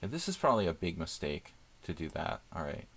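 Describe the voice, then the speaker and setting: A man's voice: deep voice, sing-song, a little fast, vocal fry, slightly rough. A middle-aged man streaming chess, chatting casually and thinking aloud about his moves with lots of fillers. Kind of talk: casual live-stream chat while playing.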